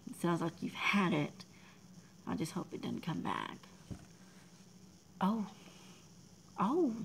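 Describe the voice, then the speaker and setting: A low, gravelly-voiced woman in her forties chats on a livestream from her desk mic, softly and with feeling. Her voice often sinks to a near whisper as she reads out viewers' names. A faint hiss sits behind her. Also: huge pitch swings, takes it slowly, low-quality recording. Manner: emotional, talks softly, drops to near whispers; reads out and thanks viewers in chat. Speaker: livestream host. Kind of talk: casual livestream chat.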